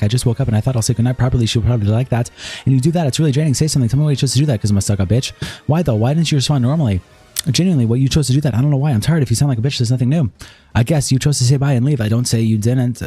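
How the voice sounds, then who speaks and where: A man's voice: mid-range voice, warm tone, husky. A man streaming, reading a written statement and its text messages aloud straight through, with sighs between passages.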